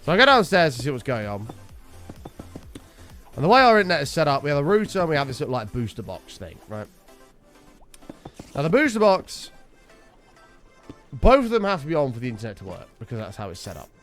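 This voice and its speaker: A man's voice: medium pitch, wildly swooping pitch, a little fast, pauses often, fairly bright tone, soft background music. A young man streaming a game, casually telling a story, swearing freely and acting out his own quotes. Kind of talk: casual storytelling while gaming.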